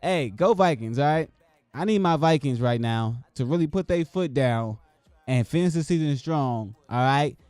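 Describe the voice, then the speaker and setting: A man's voice: on the high side, expressive, normal speed, a little mellow, clear, resonant tone, dry recording. Loose, profane sports podcast man. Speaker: podcast host. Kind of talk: casual sports talk.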